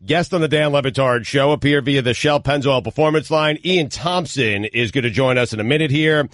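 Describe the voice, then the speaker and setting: A man's voice: medium pitch, a little fast, a bit bright, dry recording. A man co-hosting a sports radio show, reading briefs and trading dry jokes. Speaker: radio co-host. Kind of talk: casual sports radio banter.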